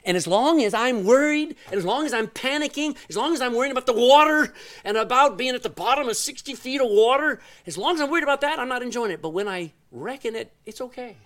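A middle-aged male pastor preaching a sermon, telling a story with loud exclamations and quiet asides. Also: extremely high pitch, expressive, fast talker.

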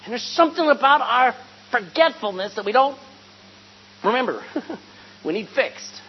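A woman preaching a sermon, retelling a scripture story with animated storytelling, asking the congregation questions and calling for amens. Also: a little high, moderate pace. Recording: dull lo-fi recording with faint hum.

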